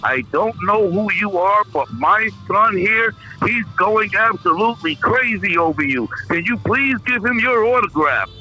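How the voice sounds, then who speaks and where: A man playing a polite father who asks for an autograph, in a higher voice than his own. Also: lively intonation, unhurried, hardly any pauses, sharp tone, breathy edge, faint music behind, heavily acted, rough recording. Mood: polite, pleading.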